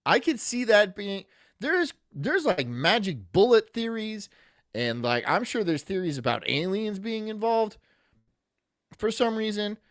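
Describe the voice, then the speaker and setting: A man streaming live, rambling and joking as he reacts to a video and reads out chat. His voice sits a little high and swings widely in pitch. The sound is dry and close, with no room around it. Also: sing-song, unhurried, fairly bright tone, no room sound. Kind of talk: casual reaction commentary.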